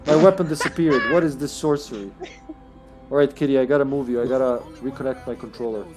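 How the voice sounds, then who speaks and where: A man's voice: medium pitch, music in the background. A man streaming a co-op game, chatting casually and joking with friends. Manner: joking, laughs often, quick asides. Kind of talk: casual gaming chat.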